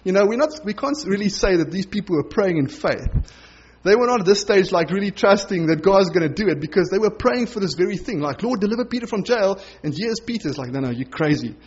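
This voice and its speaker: Male pastor, casual sermon, husky voice, lo-fi sound. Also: sits high, expressive, a little fast. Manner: conversational, acts out quoted voices.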